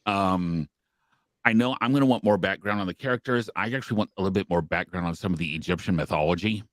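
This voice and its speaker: A man co-hosting a podcast, talking casually with hesitant pauses and fillers. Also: low-pitched, no room sound. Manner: hesitant, many ums. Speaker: podcast co-host. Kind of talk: casual discussion.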